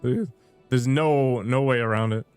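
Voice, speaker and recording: A man's voice: mid-range voice, unhurried, darkish tone, smooth, no room sound, soft background music. A man streaming gameplay, talking casually and joking with mild slang.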